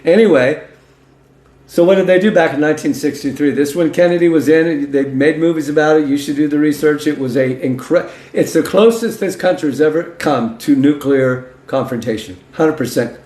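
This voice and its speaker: Guy hosting a commentary show, higher voice, folksy and emphatic, keeps saying okay? and listen to this, echoey room. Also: normal speed, a little mellow. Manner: reads news aloud and comments on it. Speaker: host. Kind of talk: political commentary monologue. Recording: roomy echo.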